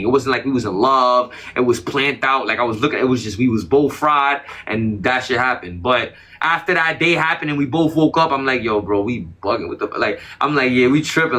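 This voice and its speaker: Emphatic slangy man, bright voice. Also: medium pitch. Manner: emphatic, repetitive, slangy and defensive. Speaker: interview guest. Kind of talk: casual interview talk.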